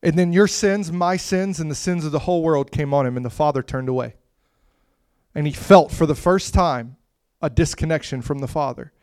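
A man preaching a sermon with impassioned delivery that swells to loud, emphatic peaks and drops to soft, hushed lines. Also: a little high, normal speed, smooth, dry recording, clean studio sound.

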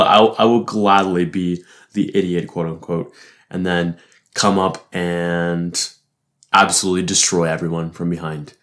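Young male barista, deep low voice, loose profane rambling monologue with self-amused laughs. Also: a bit bright. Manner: profane, rambling, frequent "like" fillers, laughs to himself. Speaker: barista reflecting on his week. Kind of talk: casual solo reflection.

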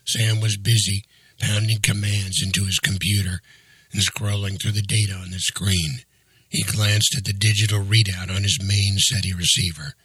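A man reads a novel aloud in a steady, measured narrating voice. His tone is low and slightly husky, and the recording is dry and close. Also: no room sound. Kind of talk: audiobook narration.

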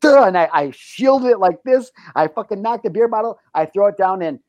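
A man's voice: high voice, fairly quick, no room sound. Profane, rambling male talk show host. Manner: profane, animated storytelling with frequent fillers. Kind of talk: casual storytelling on a talk show.

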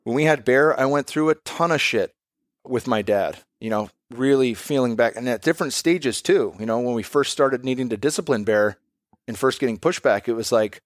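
A man's voice: medium pitch, normal speed, dry recording, studio quality. A man in his thirties, a podcast guest and father, talking in a candid, reflective way and swearing casually.

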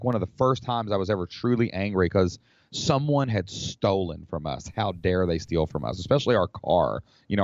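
A man from the United States, a podcast guest, telling a personal story in an animated, rambling way with lots of fillers. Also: sits low, no echo. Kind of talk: casual storytelling. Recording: slightly dull dry recording.

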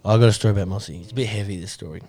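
A man's voice: on the low side, very fast, darkish tone. Blunt sweary Australian man. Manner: blunt, sweary, earnest storytelling. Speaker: podcast co-host. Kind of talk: casual chat.

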